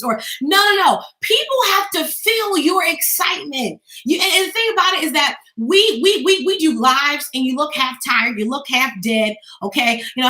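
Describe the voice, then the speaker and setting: A woman business coach giving an energetic, talkative motivational talk to the camera, emphatic and peppered with "okay?". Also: sits high, a little fast, hardly any pauses, echoey room.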